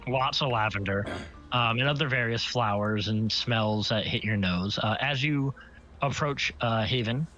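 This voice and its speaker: Bright-voiced game master, muffled stream. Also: male voice, medium pitch, measured pace. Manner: descriptive, often correcting himself mid-sentence. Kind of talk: narrating a tabletop game. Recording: slightly muffled stream audio, faint music.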